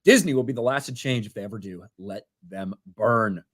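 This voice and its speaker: A man's voice: lowish voice, a little fast. Man in his thirties reading donations. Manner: reads names and messages, laughs often. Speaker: co-host reading viewer donations. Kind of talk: casual livestream banter.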